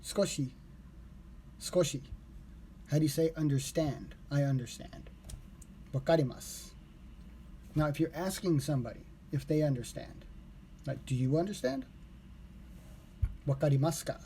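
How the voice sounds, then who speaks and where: Relaxed man reviewing vocab on stream. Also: fairly high pitch, moderate pace, pauses often, a little hiss or hum. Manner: relaxed, rambling, corrects himself aloud. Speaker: live streamer learning Japanese.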